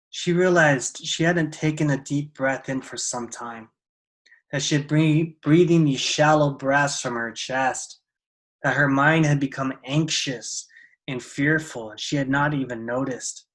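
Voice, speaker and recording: Laid-back storyteller, soft and unhurried, mid-pitched, chatty fable telling. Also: low-quality recording. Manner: soft, unhurried, conversational with fillers. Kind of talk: oral storytelling, casual.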